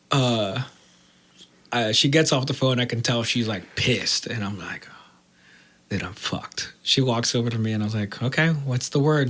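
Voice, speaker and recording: A man telling a story in casual chat, swearing freely and acting out the other people's lines. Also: medium pitch. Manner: animated, swearing, acts out quoted voices. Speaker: podcast host.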